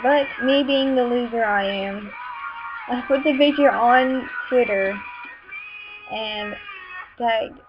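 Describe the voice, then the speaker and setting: Teen girl with a Southern twang, talky and easily annoyed, muffled webcam sound, music playing. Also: a little high. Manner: chatty, frequent fillers, quick irritated asides. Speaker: vlogger. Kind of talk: casual rambling vlog.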